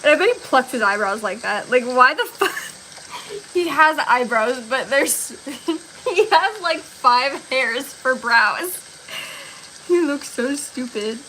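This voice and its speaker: Giggly, overtired young woman with a high voice. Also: lively intonation, slow, pushed and bright, slight background noise, rough recording. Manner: giggly, laughs through her words. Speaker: streamer. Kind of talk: casual livestream chat while drawing.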